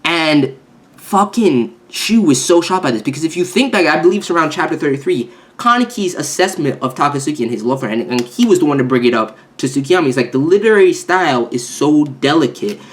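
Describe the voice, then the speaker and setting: A man talks through a comic chapter in a loose, excited review. He gushes, swears freely and trips over his own words as he goes. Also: on the high side, fast. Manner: animated, gushing, swears, frequent restarts. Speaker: manga reviewer. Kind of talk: casual excited review chat.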